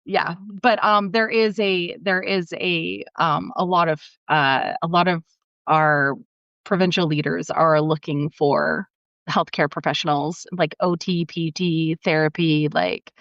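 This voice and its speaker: A woman's voice: sits low, fairly even intonation, a little slow, fairly bright tone, no room sound, highs cut off. A middle-aged woman from Canada chatting casually as a podcast guest, laughing often. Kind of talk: casual chat.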